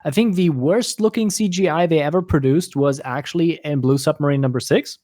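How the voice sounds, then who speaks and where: A man's voice: fairly high pitch, brisk, warm tone, dry recording, studio quality. A man with a German accent co-hosting a casual podcast chat, hesitant and often repeating words as he searches for them. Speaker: co-host.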